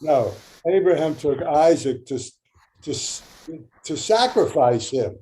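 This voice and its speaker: A man with a dark, mellow voice that swoops widely in pitch as he banters. He talks in a slightly raised register and keeps needling the host. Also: lively intonation, slow, low-quality recording. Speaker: comedian guest.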